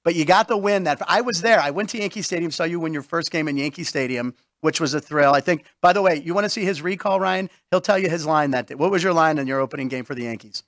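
A man's voice: fairly high pitch, fast, few pauses, a bit bright. A middle-aged man hosting a talk show, joking, dropping names and egging his guest on to tell stories. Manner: jokey, name-dropping, eggs guests on. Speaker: host. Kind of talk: casual talk show chat.

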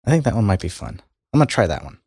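A man with a lowish voice co-hosts a relaxed tech podcast while losing his voice. He clears his throat often between remarks. The recording is dry and close. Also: very fast, no room sound. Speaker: podcast co-host. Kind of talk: casual tech podcast chat.

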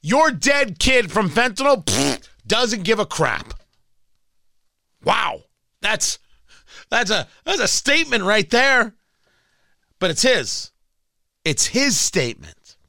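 A sarcastic male talk radio host, his high voice swinging widely in pitch as he hammers his points. The sound is bright and sharp, recorded dry and close in a studio booth. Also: very animated, slow, vocal fry, pauses often, dry recording. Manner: combative, sarcastic, emphatic. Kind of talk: political talk radio monologue.

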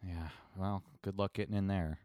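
A man's voice: low-pitched, fairly even intonation, normal speed, warm tone, no room sound, clean studio sound. A man co-hosting a podcast, talking in a sarcastic, rambling, swearing way. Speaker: podcast co-host. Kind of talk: casual chat.

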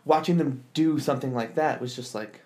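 A man's voice: mid-range voice, fairly even intonation, fairly quick, darkish tone. A man hosting a podcast, telling a story in casual chat, acting out quotes in exaggerated voices with lots of fillers. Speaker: podcast host.

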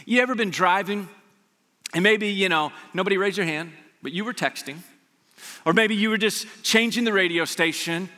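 A pastor mid-sermon preaches at a moderate pace in a high, bright, forceful voice that rings through a large hall with long reverb. His energetic, conversational delivery is full of casual asides to the congregation.

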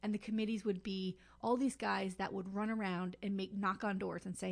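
A woman's voice: mid-range voice, flat delivery, fast talker, creaky, hardly any pauses, a little mellow. A woman co-hosting a podcast, telling a story in a chatty way with lots of fillers and asides. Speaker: podcast co-host. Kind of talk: casual podcast chat.

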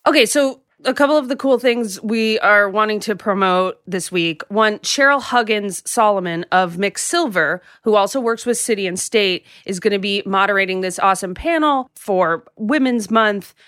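A woman's voice: mid-range voice, moderate pace, hardly any pauses, a bit bright, dry recording, clean studio sound. A woman co-hosting a podcast, running through events and news in an upbeat, chatty way with plenty of fillers. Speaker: podcast co-host. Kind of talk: casual news rundown. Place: home in a city, remote recording.

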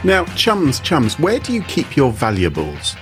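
Playful, lively male podcast host. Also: medium pitch, unhurried, faint music behind. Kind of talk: casual podcast banter.

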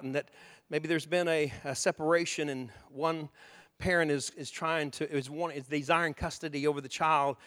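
Preacher guy, high voice, booming hall echo, acts out little arguments and gets loud. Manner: acts out both sides of arguments, rising to shouting. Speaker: pastor. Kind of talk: sermon. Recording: long hall reverb.

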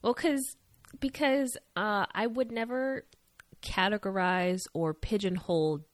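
A woman co-hosting a podcast in casual chat, sassy and quick with witty quips. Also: mid-range voice, dry recording. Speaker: podcast co-host.

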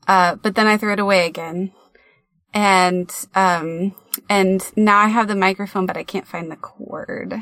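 A woman's voice: medium pitch, fairly even intonation, a little slow, a bit bright, no room sound. A woman co-hosting a casual podcast, joking around in a playful, scatterbrained way. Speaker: podcast co-host.

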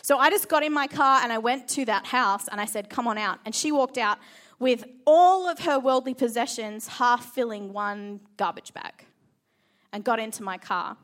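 A woman's voice: on the high side, normal speed, fairly bright tone. Earnest Australian woman preaching a sermon. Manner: earnest personal storytelling, emphatic.

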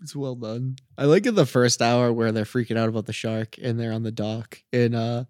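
A man's voice: mid-range voice, moderate pace, dry recording, studio quality. A man in casual film chat who acts out movie moments while he talks. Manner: animated, acts out quotes.

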